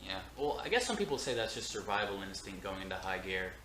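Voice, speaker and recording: A man's voice: low voice, sing-song, fast talker, pushed and bright, slight background noise. A man from Georgia musing in a casual chat, self-deprecating and trailing off in restarts, in a room of an old house. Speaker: co-host, band member. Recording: echoey room, faint ambience.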